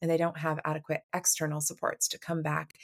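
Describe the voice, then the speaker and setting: A woman therapist, a guest on a podcast, explaining ideas in a measured way and often checking in with "right?". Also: deep voice, monotone. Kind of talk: podcast conversation.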